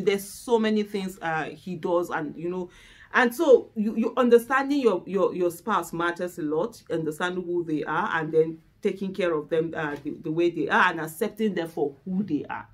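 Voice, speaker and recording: A woman with a Nigerian accent chatting candidly to the camera as host, openly emotional and laughing loudly. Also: fairly low pitch.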